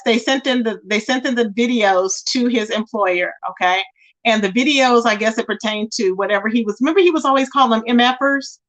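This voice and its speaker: Woman livestreaming, high voice, aave, gossipy and chatty with her chat. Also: fairly bright tone. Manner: chatty, talks to viewers directly. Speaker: livestream host.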